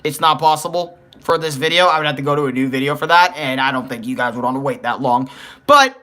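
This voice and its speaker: Speaking fast at a medium pitch, with a pushed, bright quality, a young man rambles through casual game commentary. He curses liberally and fixes his own words as he goes, in true gaming-streamer fashion.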